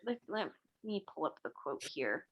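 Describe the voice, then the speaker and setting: A woman's voice: low voice, big pitch swings, normal speed, lo-fi sound. A young woman on a video call who shares personal reflections hesitantly, with many fillers and restarts. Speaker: book club member. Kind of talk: casual reflective sharing.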